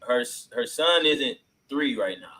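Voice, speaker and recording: A man's voice: mid-range voice, lively intonation, measured pace, bright, forceful tone, low-quality recording. Chill guy hosting a podcast, slangy, lots of ums, just chatting. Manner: laid-back, slangy, many filler ums. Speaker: podcast host. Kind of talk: casual chat reacting to clips.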